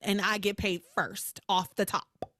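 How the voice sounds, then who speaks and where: A woman's voice: medium pitch, moderate pace, no room sound, studio quality. A woman co-hosting a podcast, chatting casually and acting out characters' lines as she recaps a soap opera. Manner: animated, acts out characters' lines with laughs. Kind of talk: casual panel chat.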